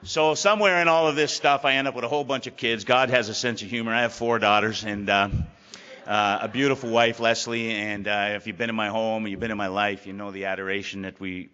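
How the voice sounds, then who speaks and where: A man's voice: on the low side, fairly even intonation, fairly quick, bright, forceful tone, clean tone. A middle-aged man giving a candid, rambling personal talk at a recovery meeting, often repeating his words. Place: meeting hall. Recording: lo-fi hall recording.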